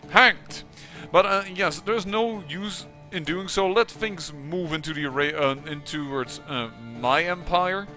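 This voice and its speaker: Bright-voiced man musing over a strategy game. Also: a little high, a little slow, few pauses, faint music behind. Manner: musing to himself, exasperated outbursts. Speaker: let's play commentator.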